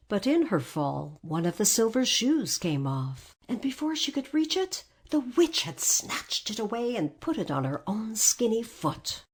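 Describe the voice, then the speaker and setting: A woman narrating a storybook aloud in an expressive read-aloud manner. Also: mid-range voice, slightly rough.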